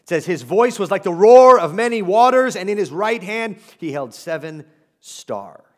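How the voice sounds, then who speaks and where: Male pastor with a slightly high voice, preaching in a conversational, emphatic way with humorous asides. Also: animated, moderate pace. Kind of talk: sermon.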